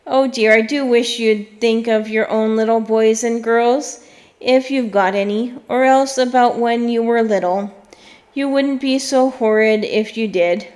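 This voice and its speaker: A woman's voice: fairly high pitch, unhurried, a little mellow, lightly acted. A woman voicing a brave little girl from a storybook, earnest and pleading.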